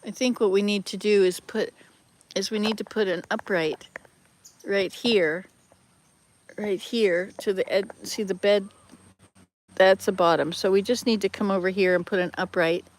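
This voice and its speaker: A woman's voice: medium pitch, fairly even intonation, moderate pace, pauses often. An older woman chatting casually in a travel vlog, rambling and correcting herself as she goes, filming outdoors by a hut. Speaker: vlogger. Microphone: handheld camera.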